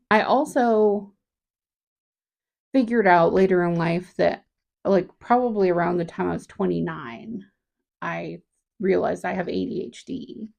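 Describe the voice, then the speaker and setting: Slow, gravelly-voiced woman in her thirties. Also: medium pitch, a little mellow. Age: 30s. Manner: halting, reflective, with frequent restarts. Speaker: vlogger. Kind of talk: candid personal vlog.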